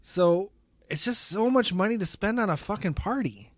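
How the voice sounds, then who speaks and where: A man co-hosting a casual podcast in a sardonic, deadpan way. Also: high-pitched, moderate pace, no room sound, studio quality. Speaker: podcast co-host. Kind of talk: casual chat.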